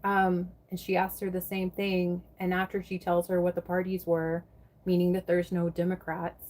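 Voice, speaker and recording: A woman's voice: lowish voice, completely flat delivery, moderate pace, a little mellow. A woman from the United States chatting casually on a livestream, answering viewers by name and swearing freely. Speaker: live streamer chatting with viewers.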